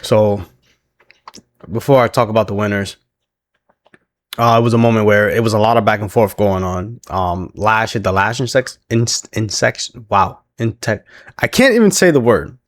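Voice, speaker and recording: Male recap host, low-pitched, dry close sound, laughs a lot while retelling. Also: moderate pace, pauses often, no echo. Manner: laughs often, animated retelling with quoted voices. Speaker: wrestling recap reviewer. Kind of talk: casual recap commentary.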